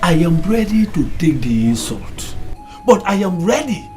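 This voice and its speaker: A Nigerian man playing a solemn elder who speaks slowly and deliberately. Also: high-pitched, big pitch swings, background noise. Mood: defiant. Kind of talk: Nollywood film acting. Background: music.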